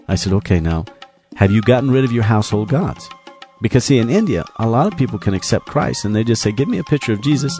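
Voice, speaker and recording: A man's voice: fairly low pitch, mellow. A man preaching a sermon, telling a mission story and quoting the people in it in his own voice.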